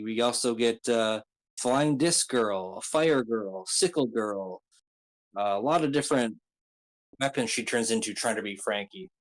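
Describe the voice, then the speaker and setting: A video creator recaps an anime arc casually, rambling with lots of ums and uhs and tossing in joking asides. His voice is mid-range, and the audio is poor.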